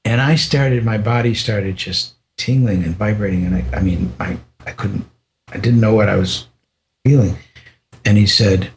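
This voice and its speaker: An older man telling a personal story in an interview, halting with restarts and often dropping to a soft voice. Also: fairly low pitch, slight background noise.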